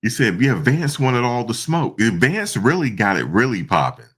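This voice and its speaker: A man giving casual, slangy reaction commentary, animated and repeating himself, often breaking into laughter. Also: medium pitch, normal speed, breathy edge. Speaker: online commentator.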